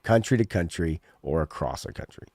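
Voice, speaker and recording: A man's voice: low voice, expressive, brisk, vocal fry, darkish tone, no echo. A man co-hosting a casual podcast, talking in a loose, ranting way with plenty of swearing. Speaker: podcast co-host. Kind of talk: casual chat.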